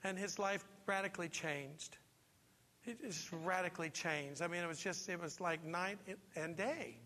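Bright, high-voiced preaching man. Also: moderate pace, big-room sound. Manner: emphatic preaching with repeated rhetorical questions. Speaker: pastor. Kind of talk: sermon. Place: church sanctuary.

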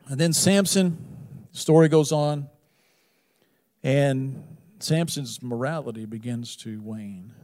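A man preaching a sermon, retelling a Bible story with wry humor and big swings between loud emphasis and quiet asides. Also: mid-range voice, lively intonation, unhurried. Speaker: pastor.

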